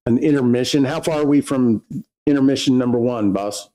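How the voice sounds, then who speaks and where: A livestream co-host, a man with a mid-range, warm voice, talks fairly quickly despite poor audio. On the casual stream, he reads viewer questions aloud and explains distilling in plain terms.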